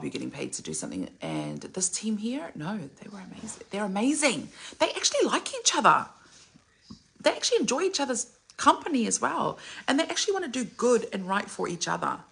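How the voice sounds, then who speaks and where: A middle-aged woman from Samoa chats casually to camera about people she admires. Her voice sits a little low, with a husky, gravelly grain, and she gushes in bursts, leaping up high on exclamations before sinking into hushed asides. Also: a little fast. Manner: gushing, animated storytelling with sudden high exclamations and whispered asides. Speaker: singer and entertainer vlogger.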